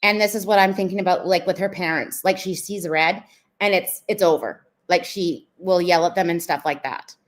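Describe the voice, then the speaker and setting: A woman's voice: fairly low pitch, moderate pace. Chatty woman commentary host. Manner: chatty, lots of "like", explaining. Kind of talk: casual reaction commentary.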